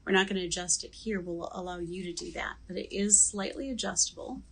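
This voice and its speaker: A woman's voice: fairly low pitch, fairly even intonation, a little fast, a bit bright, poor audio. A middle-aged woman hosting a live online jewelry sales show, chatty and joking as she describes each piece in detail.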